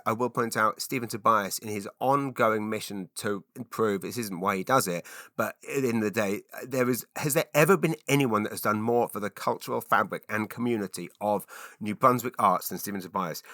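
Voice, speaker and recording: Guy rambling on his podcast, low-ish voice, bright edge, lots of ums and restarts. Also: no echo, studio quality. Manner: enthusiastic, rambling, with frequent fillers and restarts. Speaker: podcast host. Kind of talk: casual solo podcast monologue.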